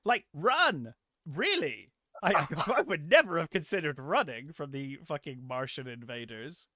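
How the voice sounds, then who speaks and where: A man's voice: fairly high pitch, big pitch swings, moderate pace, pushed and bright, no room sound, studio quality. A man co-hosting a film review podcast, rambling and sarcastic, swearing freely in casual chat. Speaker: podcast co-host.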